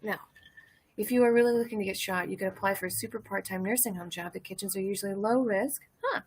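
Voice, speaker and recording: A woman from Louisiana hosting a casual comedic monologue, rambling and cursing and laughing her way through dark topics. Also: medium pitch, fast talker, slightly rough, rough recording. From Louisiana, USA. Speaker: host.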